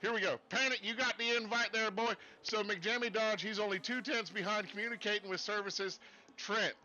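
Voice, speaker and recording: A man with a high, sharp voice gives live sim racing commentary at a moderate pace and steady tone, using a fake Southern US accent. He rambles in a folksy way with jokes, speaking from a desk streaming rig with screens, and the audio is dull.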